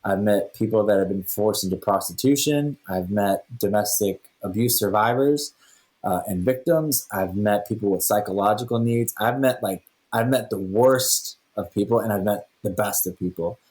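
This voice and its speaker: A man with a fairly low voice, speaking as a podcast guest. He tells stories in a casual, animated way and slips into the dialogue as he goes. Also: normal speed. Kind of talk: casual storytelling.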